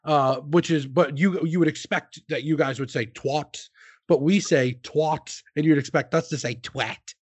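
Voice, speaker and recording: A man's voice: fairly high pitch, brisk, few pauses, breathy edge, dry recording. A young American man in casual podcast banter, talking crudely and laughing often. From United States. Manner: laughs a lot, animated and crude.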